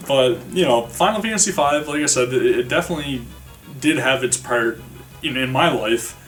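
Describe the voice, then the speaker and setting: A man's voice: mid-range voice, lively intonation, normal speed, fairly bright tone. Man reviewing a game, casual and rambling, mic a bit far off, faint music behind. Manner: rambling, many fillers and restarts.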